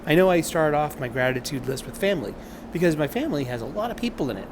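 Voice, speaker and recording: A man's voice: sing-song, fast talker. Middle-aged man rambling on a noisy train. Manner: candid, joking, wandering asides. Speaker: vlogger. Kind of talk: rambling personal monologue. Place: on a subway train. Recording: loud rumbling train noise. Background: subway train and announcements.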